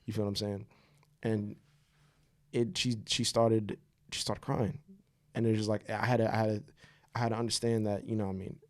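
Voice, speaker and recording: A man's voice: on the low side, level tone. A young man co-hosting a podcast, telling a personal story in casual chat. He talks straightforwardly and acts out the lines of the people in his story. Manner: fast, straightforward storytelling, acts out quoted dialogue. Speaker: podcast co-host.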